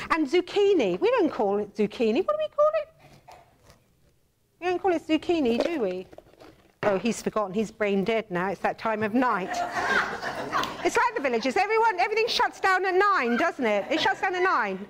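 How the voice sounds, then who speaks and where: An older English woman runs a cooking demonstration in a high voice that swoops up and down. She is theatrical and bossy, teasing her audience and calling them darling. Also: big pitch swings, moderate pace, noisy background. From England. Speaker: cooking show host.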